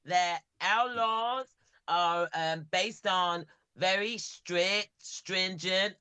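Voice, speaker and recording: A man's voice: high voice, very slow, pushed and bright, smooth, no echo. A British man, a comedian guest on a podcast, chatting casually and teasing with dry banter. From United Kingdom.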